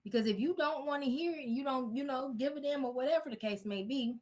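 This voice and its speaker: A woman's voice: high voice, quick pace, darkish tone. A woman relationship therapist answering interview questions in an earnest, encouraging, direct way.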